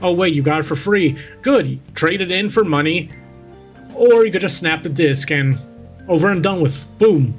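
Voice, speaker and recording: A man's voice: fairly high pitch, normal speed, soft background music, poor audio. A young man reading a cheesy horror story aloud as a VTuber, constantly stopping to mock it, swearing and picking at its grammar. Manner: mocking, swears freely, interrupts his own reading. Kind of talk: story reading with sarcastic commentary.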